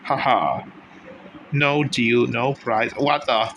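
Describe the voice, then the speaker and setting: A man doing let's-play commentary as a gaming YouTuber, excitable, swearing and yelping at enemies. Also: mid-range voice, slow pace, noisy background.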